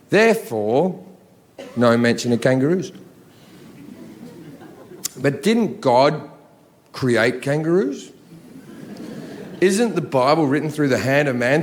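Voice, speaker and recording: A man in his thirties, with a mid-range voice, performs a profane, ranting stand-up set into a handheld mic on a theatre stage, building up to shouting. It's recorded live with an audience whose laughter fills the background, and there's a slight hiss or hum.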